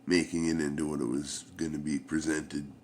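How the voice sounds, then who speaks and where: A man's voice: rumbling low, little pitch movement, moderate pace, a little mellow, a little hiss or hum. A middle-aged man, rambling through a casual home vlog with many fillers and restarts. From Canada. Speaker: vlogger.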